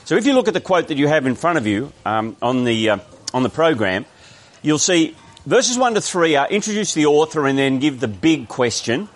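An Australian man gives a sermon in a church. His middle-pitched voice is easygoing and explanatory. He often restarts his sentences as he talks through the passage. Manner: conversational, explanatory, with frequent restarts. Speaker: preacher.

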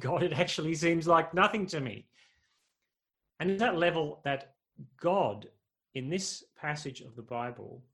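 A man's voice: a little high, a bit bright. A man preaching a sermon, conversational and humorous, often asking the congregation questions.

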